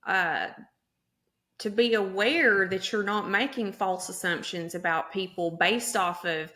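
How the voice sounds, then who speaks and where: A chatty woman in her forties hosts a podcast in a bright, ringing voice. Her Arkansas Southern accent stretches her vowels out long. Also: mid-range voice, unhurried. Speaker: podcast host. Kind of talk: casual chat.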